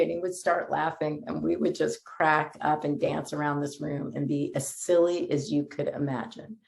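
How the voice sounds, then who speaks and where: A middle-aged woman preaching a sermon, her voice sitting a little low. She talks in a chatty, animated way and keeps laughing as she goes. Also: vocal fry. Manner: lively, conversational, laughs often. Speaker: minister.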